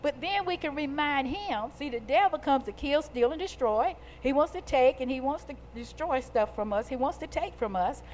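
A woman preaching a sermon to a congregation, talking in call-and-response and building to loud, stretched-out emphatic peaks. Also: high-pitched, lively intonation, moderate pace, hardly any pauses, a little hiss or hum.

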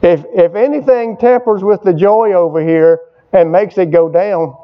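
Older man preaching with a high voice. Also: normal speed. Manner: call-and-response preaching, prompting the congregation for amens; repetitive, emphatic phrasing. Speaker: pastor. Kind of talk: sermon. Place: church service with a responding congregation. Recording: dull lo-fi recording.

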